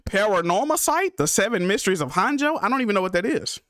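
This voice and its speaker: A young man streaming live about games, ranting in an exasperated, profane way with big swings between loud outbursts and mutters. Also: high voice, sing-song, fast, dry recording, studio quality. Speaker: gaming streamer.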